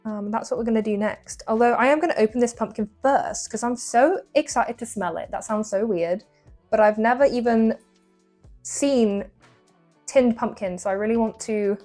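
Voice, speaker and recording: A young English woman talks her viewers through a bake in her home kitchen, chatty and quick to poke fun at herself. Her voice sits at an ordinary middle pitch. Soft music plays faintly behind her. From England. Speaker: baking vlogger. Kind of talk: casual chat while baking.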